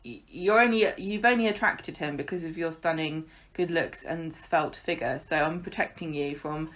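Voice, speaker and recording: A woman's voice: sits low, normal speed, fairly bright tone. A woman co-hosting a podcast, recapping a soap in casual, sarcastic chat. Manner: sarcastic, chatty recapping with laughs. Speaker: podcast co-host.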